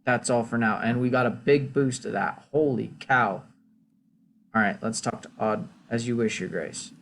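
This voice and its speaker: A man's voice: medium pitch, normal speed, vocal fry, a bit bright, a little hiss or hum. A man giving casual, chatty commentary while playing a game, poking fun at himself. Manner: chatty, self-deprecating. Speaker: let's play host.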